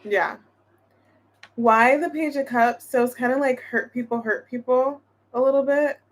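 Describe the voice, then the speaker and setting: A tarot reader gives her viewers a casual reading, thinking aloud in a chatty way and restarting often. Her voice is high and her pace unhurried.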